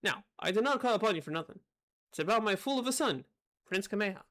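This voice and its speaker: A woman voicing a stately older male king, lowering her voice to sound like a man. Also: animated, fast, fairly bright tone, lightly acted. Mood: regal. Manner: lowered voice, trying to sound manly.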